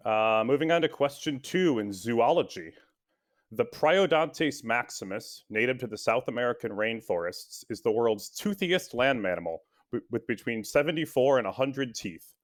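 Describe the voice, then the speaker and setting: A man's voice: mid-range voice, lively intonation, normal speed. A man from the Minneapolis area hosting a trivia podcast game, easygoing and careful reading questions. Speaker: guest quiz host.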